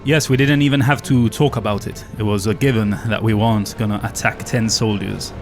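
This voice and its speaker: Relaxed man co-hosting a gamebook podcast. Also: lowish voice, fairly quick, faint music behind. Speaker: podcast co-host. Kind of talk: casual chat and reading gamebook text.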